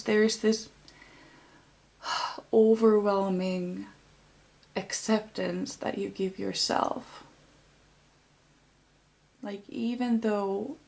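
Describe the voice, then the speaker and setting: A woman giving an intuitive tarot reading to her viewers, talking in a soft, heartfelt and rambling way. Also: mid-range voice, vocal fry. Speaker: tarot card reader.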